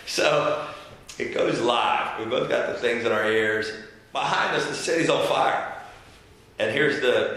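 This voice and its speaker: A man telling a story in a casual interview, acting out what others said. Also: lowish voice. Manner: animated storyteller who acts out quotes. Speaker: former governor being interviewed. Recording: very echoey room.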